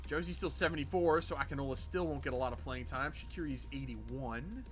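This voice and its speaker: A man's voice: mid-range voice, brisk, faint music behind. A man hosting a gaming livestream, chatting casually with viewers in a jokey, sarcastic, rambling way. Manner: jokey and sarcastic, answers chat, rambling with restarts. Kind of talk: casual livestream chat while playing.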